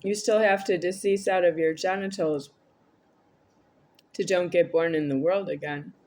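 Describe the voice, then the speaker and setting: A woman's voice: fairly low pitch, steady tone, measured pace, darkish tone. Woman rambling argumentatively to camera. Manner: rambling, argumentative, addresses an unseen listener. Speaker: vlogger. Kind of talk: monologue to camera.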